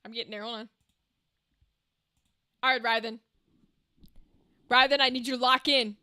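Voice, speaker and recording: A woman's voice: on the high side, steady tone, normal speed, pushed and bright, smooth. A woman streamer chatting casually with her live audience, swearing freely and laughing often.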